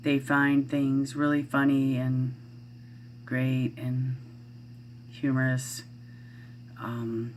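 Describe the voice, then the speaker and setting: A middle-aged woman vlogs from home as a parent, chatting casually to camera in an extremely low, completely flat voice. She draws out her words, leaves long pauses, and rambles with many fillers and restarts, while a faint hiss or hum sits underneath.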